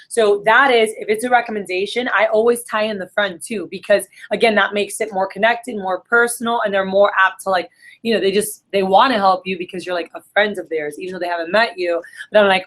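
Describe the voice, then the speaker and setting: A woman's voice: mid-range voice, steady tone, a little fast, a bit bright. A woman leading a live coaching session for her sales team in a room, talking casually and upbeat with lots of fillers. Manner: casual, upbeat, full of fillers like "you know" and "da, da, da".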